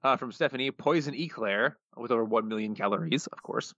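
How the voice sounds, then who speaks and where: A male podcast co-host in casual chat, reading listener answers aloud with a chuckling, quick delivery, on slightly muffled audio. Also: mid-range voice, fairly bright tone, no room sound.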